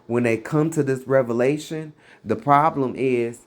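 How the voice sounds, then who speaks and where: A man's voice: mid-range voice, expressive, moderate pace. A man giving fiery, blunt commentary on preachers, scornful and mocking. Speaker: religious commentator.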